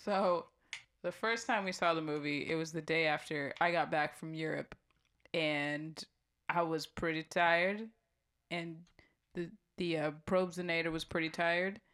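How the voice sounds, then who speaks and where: A playful co-host in a casual movie chat, quick to joke. The voice is bright and sharp, at a middle pitch. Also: fairly even intonation, smooth. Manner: joking, playful.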